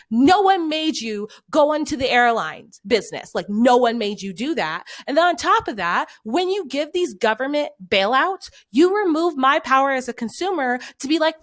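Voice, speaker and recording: Fired-up young woman ranting, lively pitch. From United States. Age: 20s. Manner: angry, profane, exasperated ranting. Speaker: podcast co-host. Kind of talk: ranting casual chat.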